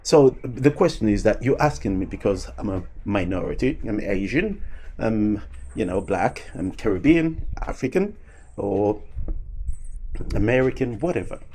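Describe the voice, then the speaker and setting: A man's voice: lowish voice, expressive, a little slow, a little mellow, husky. A man hosting a video, talking in a rambling way with frequent fillers and false starts. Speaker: video host. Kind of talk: casual commentary.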